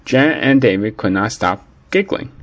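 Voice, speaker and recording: Animated male storybook narrator. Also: lowish voice, normal speed, dry recording. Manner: expressive, animated read-aloud. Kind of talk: storybook reading for children.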